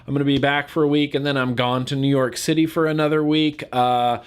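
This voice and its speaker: A man's voice: medium pitch, little pitch movement, brisk, smooth. A man from California talking casually to camera in a vlog, getting fired up and repeating words for emphasis. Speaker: vlogger.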